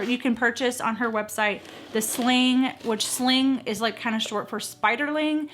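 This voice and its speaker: A middle-aged woman chatting casually at home in a vlog, excitable and gushing, often squealing. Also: a little high. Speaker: vlogger. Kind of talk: casual chat.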